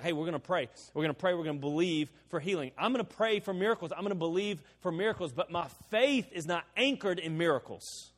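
A pastor with a slightly high voice preaches a sermon in a hall, the church sanctuary. His manner is conversational, swinging between loud emphasis and quiet asides.

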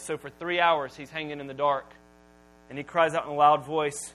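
High-voiced pastor with dramatic swings. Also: male voice, steady tone, fairly bright tone, rough recording. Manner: dramatic pauses, drops to near-whisper, then booms. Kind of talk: sermon.

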